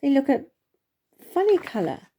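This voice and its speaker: Little curious leaf guy, chatty, higher voice, woman reading a storybook. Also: wildly swooping pitch, moderate pace, mellow. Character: chatty young male leaf on a tree.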